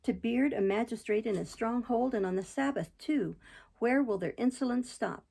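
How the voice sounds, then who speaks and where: A pompous, harsh old magistrate blustering with indignation, read by a woman in her own voice. The tone is low, dark and gravelly, with a husky roughness. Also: moderate pace, heavily acted. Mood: indignant.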